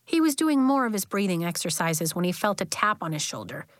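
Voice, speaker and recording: A woman narrating a children's novel as an audiobook in a gentle, even storytelling manner. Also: fairly low pitch, fairly quick, no echo.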